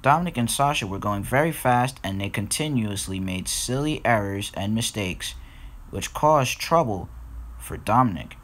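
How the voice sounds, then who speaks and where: A man's voice: on the low side, animated, moderate pace, fairly bright tone. A man narrating a fan-made storybook episode and talking directly to listeners. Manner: plain reading, talks straight to listeners.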